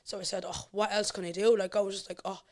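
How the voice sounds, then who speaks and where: A woman's voice: mid-range voice, flat delivery, quick pace, a little mellow. A young Irish woman, a podcast guest, candidly telling her personal life story with emotion.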